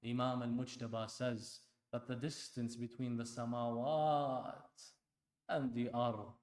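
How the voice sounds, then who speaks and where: A man preaching a sermon at an Islamic center, impassioned, dropping to a hush and then rising loud, firing rhetorical questions at the congregation. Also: mid-range voice, flat delivery, takes it slowly. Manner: impassioned, swings between hushed and loud; asks the audience pointed rhetorical questions. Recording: echoey hall.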